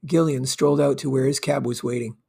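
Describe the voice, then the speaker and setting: Man calmly narrating a classic story. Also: medium pitch, brisk, creaky, slightly rough. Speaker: audiobook narrator. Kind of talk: scripted narration.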